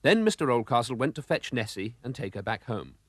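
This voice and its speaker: A man's voice: mid-range voice, fairly quick, slightly rough, dry recording. Guy reading a kids' story, really sing-songy, dry close sound. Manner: lively expressive reading. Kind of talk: children's storybook narration.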